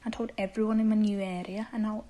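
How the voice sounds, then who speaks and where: A woman calling in to a podcast in a put-on Brummie accent that slips into generic British, telling her problem in a rushed, half-whispered way. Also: medium pitch, level tone, warm tone, rough recording. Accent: put-on Brummie slipping into generic British. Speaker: caller. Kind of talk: voice message to a podcast.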